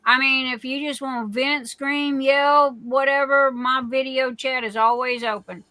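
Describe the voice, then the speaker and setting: A woman's voice: sits high, fairly even intonation, measured pace, sharp tone, dry recording. A middle-aged woman from Southern Arizona hosting a live stream, chatting casually and telling stories with laughs. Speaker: livestream host.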